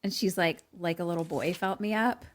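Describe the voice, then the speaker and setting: A young woman with a slightly low voice retells a film scene by scene in a relaxed podcast chat. She acts out the characters' lines as she goes and laughs often. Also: brisk. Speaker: podcast co-host recapping a movie. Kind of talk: casual movie recap chat.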